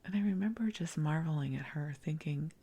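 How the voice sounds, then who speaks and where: A middle-aged woman hosting a sleep podcast, rambling softly in a half-whisper and laughing at herself. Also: low-pitched, a little fast, slightly rough. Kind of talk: soft bedtime rambling.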